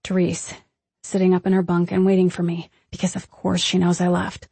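A woman narrating a first-person audiobook in a measured, tense storytelling manner. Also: on the low side, completely flat delivery, creaky, warm tone, breathy edge, no echo.

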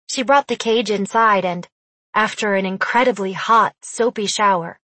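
A woman reading fantasy narration in an even, steady storytelling manner. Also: medium pitch, no room sound. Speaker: audiobook narrator.

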